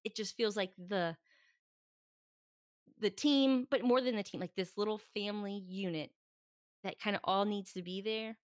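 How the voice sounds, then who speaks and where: A woman's voice: mid-range voice, normal speed, long pauses, no room sound. Chatty woman co-host with a mid-range voice who acts out quotes, dry podcast mic. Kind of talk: casual chat. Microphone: podcast microphone.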